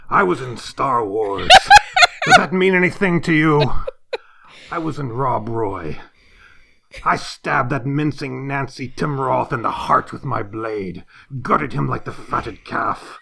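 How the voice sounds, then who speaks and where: A man putting on a furious middle-aged churchgoer who berates a church board with theatrical threats, his voice hoarse. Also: mid-range voice, big pitch swings, takes it slowly, pushed and bright, exaggerated voice. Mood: boastful.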